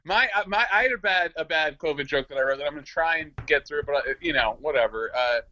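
A man's voice: a little high, lively intonation, fast talker, sharp tone, no room sound. A man, a stand-up comedian, chatting easily with friends about comedy. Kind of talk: casual chat among comedians. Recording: dry, dull lo-fi sound.

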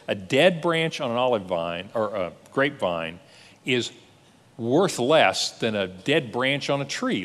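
A man preaching a sermon as a pastor in a conversational, animated way. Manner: animated, conversational preaching with lively pitch swings. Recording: long hall reverb.

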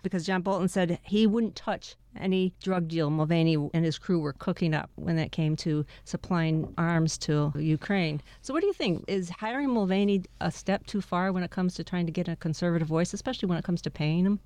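Woman, radio panelist, smooth clear voice, dry studio sound, asks probing questions. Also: fairly low pitch, a little fast, few pauses, darkish tone, no room sound. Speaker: panelist on a media discussion show.

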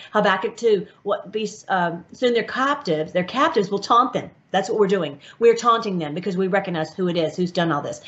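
A woman's voice: medium pitch, muffled recording. A woman hosting an online video, reading aloud and commenting in an eager, emphatic way with many restarts.

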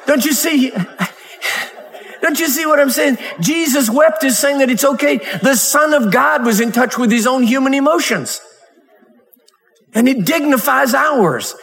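A man's voice: extremely high pitch, moderate pace, a bit bright. A man preaching a Wednesday night sermon, reading scripture and talking conversationally with laughs and mock voices. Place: church sanctuary. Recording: long hall reverb.

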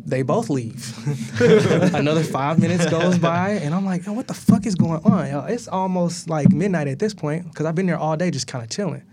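A man in his thirties, a guest, telling a long story in a casual and animated way, laughing often, swearing, and acting out what others said. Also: on the high side, moderate pace, a little hiss or hum. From Atlanta, US.

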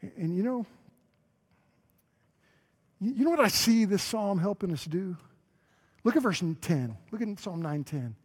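Guy preaching, husky voice, tells a story, acts out the voices, goes quiet on the big lines. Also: sits high, measured pace, long pauses. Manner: animated storytelling, acting out dialogue, dropping to a hush on key lines. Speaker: pastor. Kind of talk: sermon with storytelling.

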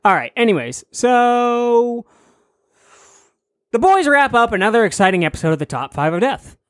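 Young dude rambling and cursing on a podcast, voice jumps all over, dry room. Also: male voice, very high-pitched, sing-song, normal speed, fairly bright tone, dry recording. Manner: rambling, profane, jokey. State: hot and sweaty. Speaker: podcast co-host. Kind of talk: casual chat, improvised storytelling.

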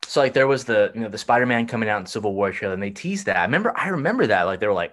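Casting: lower-pitched man, casual podcast host, eager, trips over his words. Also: expressive, fairly bright tone. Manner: enthusiastic, halting with restarts. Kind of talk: casual chat.

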